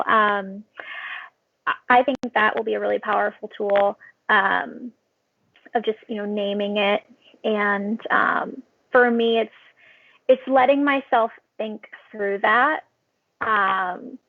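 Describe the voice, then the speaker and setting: A woman with a higher, gravelly voice, reflective and thinking aloud, often pausing with an um. She comes through a dry, tinny phone-like line with no room sound. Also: no echo. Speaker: guest, fitness trainer. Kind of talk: casual conversational webinar talk.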